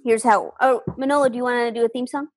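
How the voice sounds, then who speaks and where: A woman hosting a comedic call-in game show, deadpan and rambling with fillers. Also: fairly high pitch, fast. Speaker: host.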